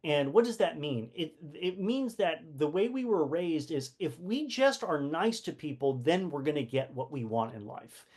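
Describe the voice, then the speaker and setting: A man's voice: a little high, expressive, normal speed, few pauses, a little mellow. A man hosting a casual live-stream book talk, full of rhetorical questions, fillers and restarts. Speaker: host of a community book session.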